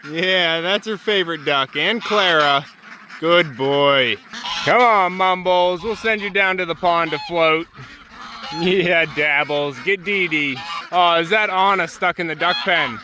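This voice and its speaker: A man's voice: on the high side, measured pace, sharp tone, slight background noise. A man vlogging from his homestead outdoors, chatting casually and coaxing his ducks, geese and turkeys along. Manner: coaxing, chatty talk to farm birds. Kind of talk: casual vlog narration. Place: outdoors on a farm yard and pasture.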